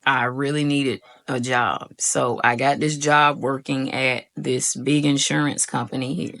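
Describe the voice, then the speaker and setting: Addressing viewers as y'all, a young woman vlogs casually, animatedly retelling her own story and performing her past words. She speaks a little slowly in a rumbling low voice.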